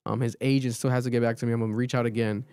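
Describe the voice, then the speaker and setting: A man hosting a casual podcast, recapping a reality show in an animated, profane storytelling way. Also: mid-range voice, very fast, smooth, no echo, clean studio sound. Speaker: podcast host.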